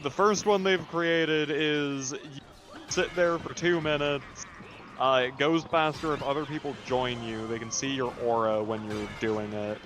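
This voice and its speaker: A man's voice: medium pitch, fairly even intonation, measured pace. A young man co-hosting a casual podcast, explaining things in a meandering way with fillers and casual swearing. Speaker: podcast co-host. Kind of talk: casual chat.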